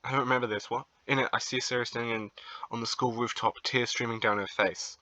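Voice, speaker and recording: A young man reading a visual novel aloud as its narrator, then breaking into excited, flustered reactions. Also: medium pitch, fast, dull audio, slight background noise.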